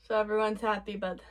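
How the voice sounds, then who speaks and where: A woman with a medium-pitched voice reacts to an anime episode in casual commentary, giggling often and gushing excitedly in broken-off fragments.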